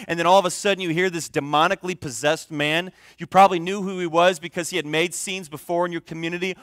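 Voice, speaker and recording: Man preaching, lively and conversational, fairly high voice, dry close sound. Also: dry recording. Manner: animated, conversational, joking asides to the audience. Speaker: pastor. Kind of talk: sermon.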